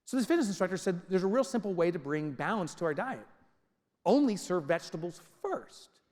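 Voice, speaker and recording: A man's voice: high-pitched, a little fast. A man giving a comedic motivational talk to a live audience, telling stories and acting out scenes. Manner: animated storytelling, acts out scenes. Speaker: keynote speaker. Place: large venue with audience. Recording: reverberant hall.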